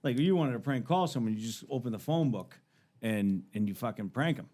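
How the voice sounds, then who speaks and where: Animated storytelling man, lively pitch. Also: fairly quick. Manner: animated, mimics voices in his stories, swears freely. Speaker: podcast guest. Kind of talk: casual storytelling.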